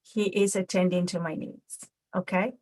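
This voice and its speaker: A woman's voice: lowish voice, fairly even intonation, normal speed, a little mellow. A woman instructor explaining communication styles with a puppet demonstration, checking in with frequent tag questions.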